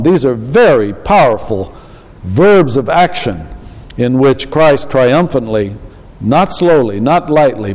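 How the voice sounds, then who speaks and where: Male pastor, measured sermon delivery, slow, long hall reverb. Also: mid-range voice, darkish tone. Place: church.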